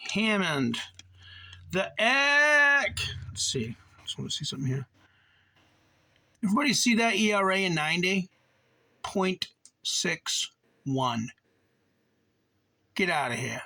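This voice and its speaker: A man's voice: medium pitch, bright, forceful tone. A man hosting a card-collecting channel, chatting casually and rambling as he reads off card names while opening packs. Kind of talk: casual box-opening commentary.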